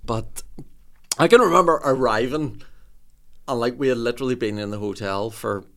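A man in his forties recalls a holiday in easy, chatty podcast talk. His voice has a gravelly, fry-tinged edge. His pitch sits in the middle range for a man. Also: moderate pace, bright, forceful tone. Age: 40s. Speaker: podcast host. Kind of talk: casual storytelling chat.

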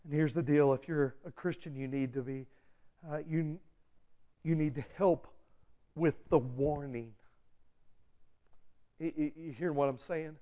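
Man, pastor, sermon, high-pitched voice, urgent, pleading. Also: steady tone, a little slow, long pauses. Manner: urgent, swings from hushed to loud and pleading.

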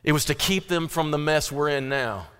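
A man's voice: on the high side, moderate pace, fairly bright tone, clear, resonant tone, big-room sound, soft background music. A man preaching a sermon as pastor, emphatic and rising and falling in intensity.

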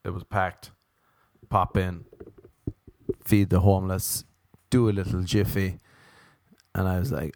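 A man doing rambling, jokey stand-up storytelling, sometimes jumping into high mock voices. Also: flat delivery, a little slow, pauses often, darkish tone, dry recording, studio quality. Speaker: stand-up comedian.

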